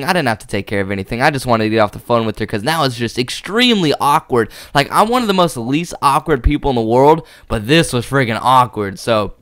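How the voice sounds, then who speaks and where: Fast-rambling young man telling a story. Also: medium pitch, lively intonation, fairly bright tone, dry recording, studio quality. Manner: rambling, lots of "uh" and "like", chuckles as he tells it. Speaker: gaming YouTuber. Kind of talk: casual storytelling vlog.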